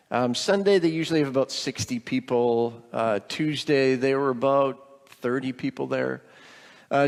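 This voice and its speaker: A man's voice: mid-range voice, in a large hall. A middle-aged man, a pastor, casually reporting on a mission trip to his congregation, rambling with many ums and light jokes.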